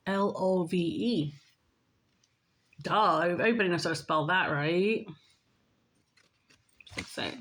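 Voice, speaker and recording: A woman's voice: mid-range voice, slow, pauses often, fairly bright tone. A woman talking casually and earnestly to her viewers about faith and helping others, chatty and repeating herself. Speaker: spiritual vlogger. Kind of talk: casual spiritual talk to viewers.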